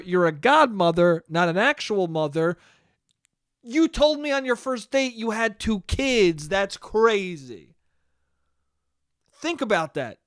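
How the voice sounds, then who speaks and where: A podcast host with a high, clean voice records solo in a clean studio with no echo. He tells stories in a casual, profane way and laughs often.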